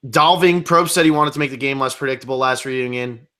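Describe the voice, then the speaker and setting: A man co-hosting a fan show, chatting casually in quick back-and-forth with filler words. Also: mid-range voice, pushed and bright. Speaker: podcast co-host.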